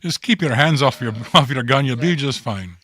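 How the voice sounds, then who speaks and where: A man's voice: mid-range voice, lively intonation, moderate pace, fairly bright tone. A man joking casually as a player in a tabletop role-playing game.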